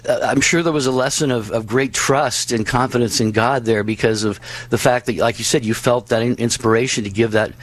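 A man's voice: mid-range voice, steady tone, a little fast, hardly any pauses, no room sound, low-quality recording. A man hosting an interview, summing up the guest's story in a reflective, affirming way with many "you know" fillers. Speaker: host. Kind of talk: radio interview.

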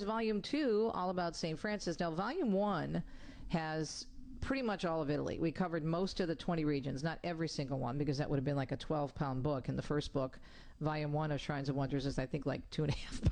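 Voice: medium pitch, fairly quick. An author and pilgrimage tour host telling travel stories in a chatty, enthusiastic radio talk segment. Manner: enthusiastic, descriptive, warmly chatty.

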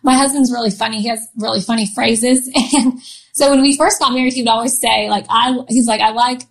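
A woman's voice: a little high, fairly even intonation, fairly quick, creaky, rough recording. A woman in her thirties, a podcast guest, telling a personal story in a chatty way with frequent laughs and restarts. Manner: chatty, laughs often, many fillers and restarts. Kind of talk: casual storytelling in an interview.

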